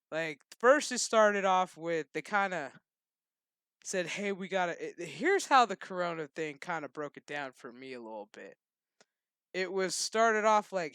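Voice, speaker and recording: A man with a high, bright voice rants at length, loose and profane, chuckling between thoughts. His voice comes through smooth and clear on a dry, close recording. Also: no echo. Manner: loose, swearing, laughing. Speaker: channel host. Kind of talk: casual rant to camera.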